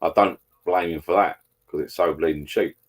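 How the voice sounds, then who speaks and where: A middle-aged man in a loose, rambling live-stream chat, stopping now and then to read out viewer comments. His voice sits very low and comes across husky and a little rough. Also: fairly even intonation, normal speed.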